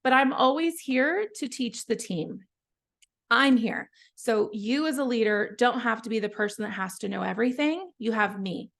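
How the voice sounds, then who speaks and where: A woman founder giving a casual, chatty software walkthrough, encouraging her listeners while often trailing off and restarting her sentences. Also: a little high, normal speed, gravelly. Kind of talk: casual live software tutorial.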